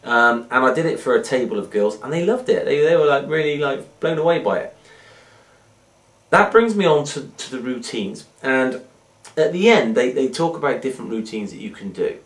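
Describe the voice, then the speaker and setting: Lively man in an echoey room. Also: medium pitch, moderate pace. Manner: playful, rambling, full of asides. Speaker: magic product reviewer. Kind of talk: jokey product review. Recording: echoey room, mic at a distance.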